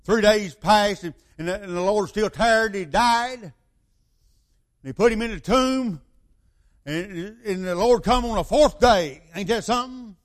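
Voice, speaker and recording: A man's voice: sits high, measured pace. An older man preaching a sermon, rambling through stories and asking his listeners rhetorical questions.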